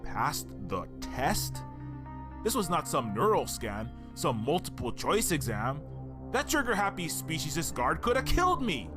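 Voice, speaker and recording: A hurt and angry male detective from a video game, voiced by a player. He accuses and confronts in a lively, rising and falling voice, with faint music under him. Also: mid-range voice, a little slow. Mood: indignant. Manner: accusing, indignant.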